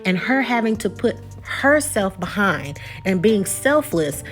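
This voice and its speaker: A woman's voice: mid-range voice, very animated, unhurried, faint music behind. A young woman giving a casual, conversational recap and review of a TV episode. She repeats words and keeps checking in with her listeners.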